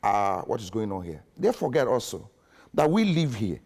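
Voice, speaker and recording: A man's voice: lowish voice, sing-song, moderate pace, a little mellow, slightly rough. A man from Nigeria, a panelist in a heated studio debate, talking insistently and stumbling over repeated words. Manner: insistent, interrupts and repeats himself.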